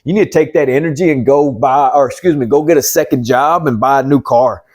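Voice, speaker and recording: A man with a drawl speaks off the cuff to his viewers, like a life coach. He is blunt, swears freely and hammers points home by repeating them. His voice sits at an ordinary middle pitch. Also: fairly quick, a little mellow. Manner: blunt and profane, preachy, repeats himself for emphasis. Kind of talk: unscripted motivational monologue.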